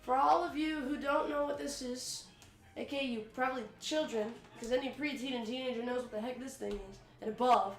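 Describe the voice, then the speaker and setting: Young woman, 18, sick with a cold, cracking voice, high-pitched, playful joking livestream chat, faint music underneath. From United States. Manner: joking, playful, swears casually. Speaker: cooking livestream host. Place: home kitchen. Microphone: desk condenser mic.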